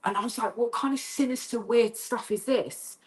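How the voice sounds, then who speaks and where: A woman guest telling a haunting story on a video call, acting out the voices she quotes and going high and tense as the fright builds. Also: normal speed. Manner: lively storyteller who acts out quoted voices, rising high when frightened. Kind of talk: animated storytelling interview.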